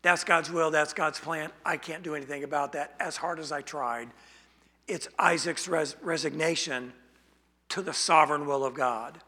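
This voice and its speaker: A man preaching an expository sermon, speaking slowly and deliberately and asking rhetorical questions. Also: on the high side, sharp tone. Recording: long hall reverb.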